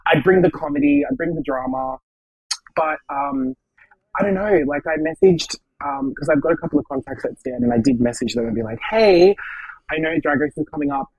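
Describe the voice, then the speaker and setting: A sassy man chats as a podcast guest. His voice is high and husky with a gravelly edge and leaps around in pitch. The sound is close and dry. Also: expressive, brisk, darkish tone, no room sound, rough recording. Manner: brash, sassy, swears freely. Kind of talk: casual chat.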